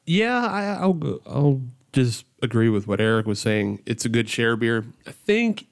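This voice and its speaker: A man in casual chat over beers, joking around and laughing often. His voice sits at an ordinary middle pitch. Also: sing-song, unhurried, creaky. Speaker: podcast co-host.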